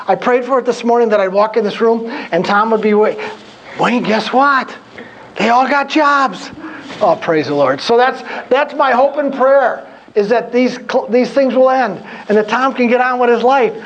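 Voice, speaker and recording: A man in his fifties, a guest speaker at a career group, gives a humorous workshop talk in a very high voice at a moderate pace, with the highs cut off. He's an animated storyteller who acts out his own past conversations.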